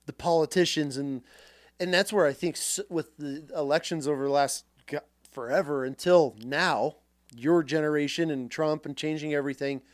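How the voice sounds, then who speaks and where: A man's voice: fairly high pitch, steady tone, normal speed, dry recording, studio quality. A man hosting a podcast, chatting casually with his guest with short reactions and casual swearing. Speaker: podcast host. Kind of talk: casual interview chat.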